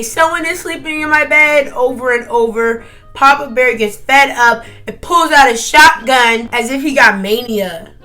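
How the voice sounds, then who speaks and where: A woman's voice: on the high side, bright, forceful tone. A teenage girl casually narrating a school project story, chatty and full of "like". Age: teens. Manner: chatty, lots of "like". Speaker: student narrator. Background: faint background music.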